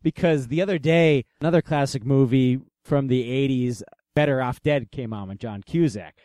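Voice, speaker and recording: Smooth-voiced chatty man on a dry podcast mic. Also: mid-range voice, moderate pace, dark tone, no room sound. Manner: chatty, laughs often, asks the others questions. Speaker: podcast co-host. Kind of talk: casual chat.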